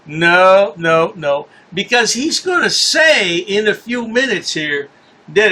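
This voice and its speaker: A man's voice: high-pitched, very animated, slow, pushed and bright. A man hosting a commentary channel, mocking a news story in a sarcastic, scornful way and repeating his points for effect.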